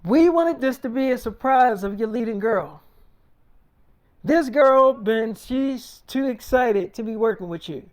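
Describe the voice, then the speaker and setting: A man's voice: extremely high pitch, lively intonation, unhurried. A man playing a confident male film producer who talks bluntly and brashly, swearing, in an improvised freestyle role-play. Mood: pitching.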